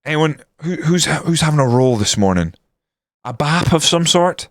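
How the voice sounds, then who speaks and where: A man commentating his football management game on a live stream, swearing and ranting, then breaking into excited match commentary. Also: fairly high pitch, normal speed, dry recording, clean studio sound.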